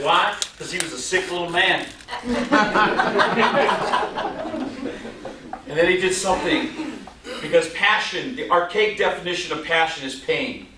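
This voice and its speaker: A man in his sixties giving a motivational keynote to a live audience, telling stories with jokes and firing rhetorical questions at the crowd. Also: fairly high pitch. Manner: animated, quizzes audience with rhetorical questions, jokey. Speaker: motivational speaker. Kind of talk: stage keynote storytelling. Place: large hall with live audience. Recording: echoey hall, mic at a distance, faint noise.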